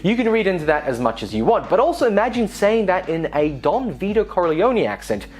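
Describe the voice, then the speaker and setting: A woman's voice: lowish voice, big pitch swings, fairly quick, a little mellow, faint music behind. A woman hosting a scripted tech and telecom news show, with sarcastic, playful asides.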